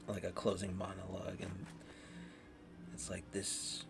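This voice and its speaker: A man's voice: low voice, completely flat delivery, unhurried, creaky, music in the background. A man casually reviewing shows on a podcast, rambling with heavy swearing and lots of fillers. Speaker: podcast host. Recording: noisy background.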